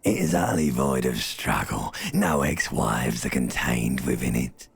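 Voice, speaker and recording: An actor voicing an ancient reptilian brain for a video game, a man with a gravelly Cockney accent and a slow, intimate, coaxing way of narrating. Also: extremely low pitch, exaggerated voice. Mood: soothing. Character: ancient reptilian brain, male, primal, soothing. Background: faint game music.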